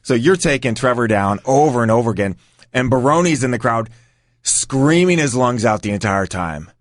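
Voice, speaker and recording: A man's voice: medium pitch, expressive, moderate pace, no room sound. A man casually telling a story, acting out other people's lines. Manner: anecdotal, acts out quotes. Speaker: guest.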